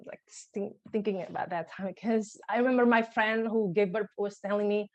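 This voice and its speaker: A young adult woman, a podcast guest, recounting a personal birth story in conversation, emotional and halting, with frequent restarts. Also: mid-range voice, fairly even intonation, darkish tone, dull audio.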